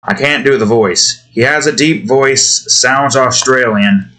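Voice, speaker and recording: A man's voice: mid-range voice, slow, sharp tone. A tired man rambling and grumbling to himself in casual commentary while he builds a game. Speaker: game developer vlogger.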